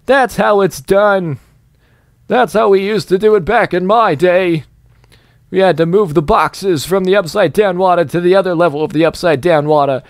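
A man's voice: high voice, moderate pace, no room sound, studio quality, pitched above the performer's own voice. A man voicing a boastful old-timer who brags in a folksy way about how things were done back in his day.

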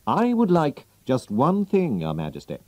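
A man voicing a cool, clever detective in a storybook reading, speaking in a measured, deliberate way. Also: fairly high pitch, wildly swooping pitch, a little mellow, no echo, pitched above the performer's own voice.

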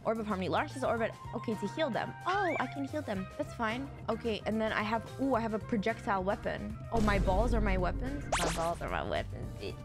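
A woman streaming a game, chatting excitably with teammates and viewers, swearing often and breaking into sudden shrieks. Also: on the high side, brisk, few pauses. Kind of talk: live game stream commentary. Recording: game music behind the voice. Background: game music and sound effects.

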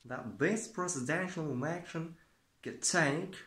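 A man doing a comedic mock newscast as the presenter, rambling and deadpan. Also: fairly high pitch, a little slow. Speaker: parody news presenter. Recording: echoey room.

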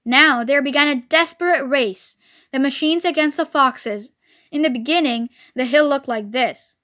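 A woman's voice: sits high, normal speed, fairly bright tone. A woman reading a children's storybook aloud expressively, as a storyteller.

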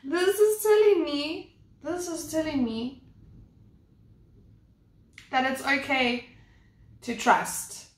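A woman's voice: high voice, slow, long pauses. A young woman doing a casual spoken card reading, rambling along with many fillers and restarts. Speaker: tarot and oracle card reader. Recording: echoey room.

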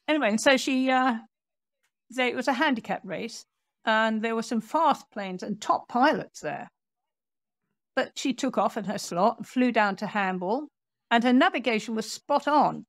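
A woman author, a guest on an interview podcast, telling a history story in a lively storyteller's way and acting out what people said. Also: fairly high pitch, no echo, clean studio sound. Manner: animated storyteller, acts out quotes.

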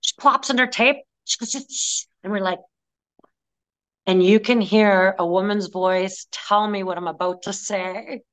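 Brief: woman clairvoyant guest, clear smooth voice, tells animated stories in an interview. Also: medium pitch, measured pace, poor audio. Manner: animated storyteller, acts out quoted voices. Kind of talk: conversational interview.

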